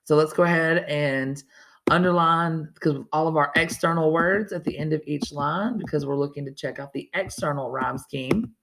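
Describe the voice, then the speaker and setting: A woman's voice: sits low, moderate pace, a bit bright. A woman teacher with a Southern US accent, explaining a poetry lesson step by step in a chatty way, with self-correcting asides. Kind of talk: recorded online reading lesson.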